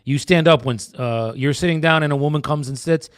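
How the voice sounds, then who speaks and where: A man's voice: on the high side, fairly quick, clear, resonant tone, dry recording, studio quality. A man from New Jersey co-hosting a casual real estate chat, rambling and restarting his sentences, calling his partner brother. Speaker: real estate agent, co-host.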